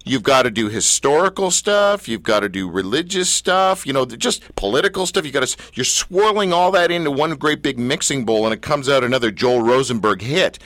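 A man's voice: mid-range voice, lively intonation, moderate pace, hardly any pauses, fairly bright tone, no room sound. A male radio host asking questions in a chatty, playful way on a studio microphone. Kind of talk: radio interview.

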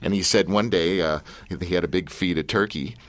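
A man's voice: low voice, a little fast. A man hosting a radio show in a studio, joking and rambling with plenty of fillers. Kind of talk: casual studio chat.

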